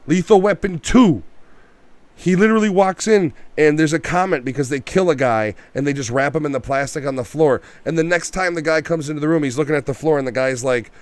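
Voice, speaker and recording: With no echo, a slightly high-voiced man speaks a little fast while co-hosting a laid-back movie review podcast. He curses freely, stays animated, and performs the quotes and scenes he mentions.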